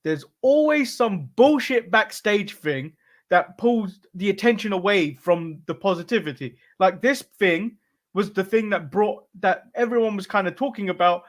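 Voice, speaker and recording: A man's voice: high-pitched, measured pace. An English-accented man co-hosting a casual podcast, exasperated and swearing, with laughs. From England. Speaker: podcast co-host.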